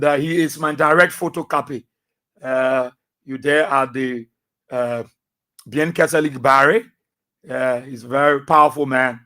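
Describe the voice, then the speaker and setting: A middle-aged man with a Liberian English accent, hosting a radio talk show with emphatic, repetitive commentary. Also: fairly high pitch. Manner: emphatic, repetitive, swings between soft asides and loud outbursts.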